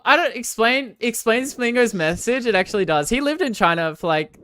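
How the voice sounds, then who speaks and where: A woman's voice: a little high, expressive, brisk. A young Australian woman streamer from Victoria, chatting casually and sarcastically with her viewers. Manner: joking, sarcastic, loud bursts of protest. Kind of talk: casual live-stream chat reading viewer comments.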